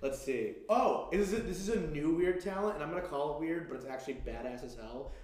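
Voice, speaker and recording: A man's voice: a little high, expressive, fairly quick, a little mellow. A young man co-hosting a podcast in casual chat, enthusiastic and rambling with lots of fillers. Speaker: podcast co-host. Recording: roomy echo.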